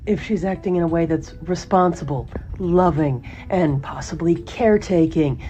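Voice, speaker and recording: A woman reacting to clips with dry, precise sarcasm, her voice low and mellow. The sound is dull and lo-fi, with faint music behind her. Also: normal speed. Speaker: reaction host. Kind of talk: sarcastic commentary.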